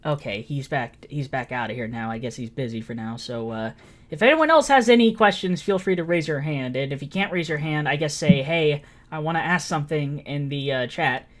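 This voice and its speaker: Low-voiced woman hosting a podcast. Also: lively intonation, fairly quick. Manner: loose and joking, addressing a live audience. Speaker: podcast host. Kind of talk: casual chat.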